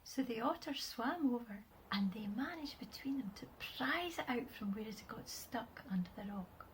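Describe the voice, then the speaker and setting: A woman with a Scottish accent reads her children's story aloud, expressively and with dramatic pauses. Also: fairly high pitch, lively intonation, a little hiss or hum, poor audio. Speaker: author reading her own stories.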